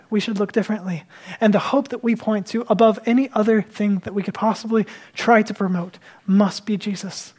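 A man's voice: high voice, darkish tone. A male pastor preaching an earnest sermon, emphatic and repeating his key phrases.

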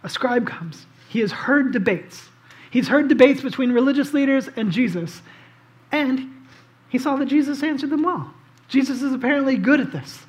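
A man preaching a casual, conversational sermon as pastor. He tells the story in an animated way and often says "like" and "um". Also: very high-pitched, moderate pace. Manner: animated storytelling, acts out quoted voices; casual, with frequent "like" and "um".

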